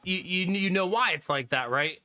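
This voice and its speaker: A man's voice: high-pitched, normal speed, bright, forceful tone, faint music behind. A man in his thirties, a live streamer telling a story to his viewers in casual chat, laughing often and swearing freely.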